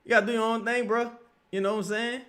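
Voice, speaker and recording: A man hosting a casual livestream, reading viewer comments and talking loosely and profanely, jumping between loud outbursts and low mutters. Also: flat delivery, quick pace. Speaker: livestream host.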